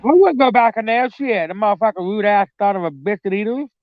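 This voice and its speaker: A woman's voice: medium pitch, lively intonation, fairly quick, phone-quality sound, slight background noise. A mother chatting casually about her children, rambling, swearing freely and often tossing in "man". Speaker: mother telling personal stories. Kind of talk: casual storytelling chat.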